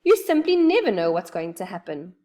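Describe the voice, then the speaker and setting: Lady doing a happy little girl, amused and lively. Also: medium pitch, a little fast, lightly acted. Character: cheerful young girl.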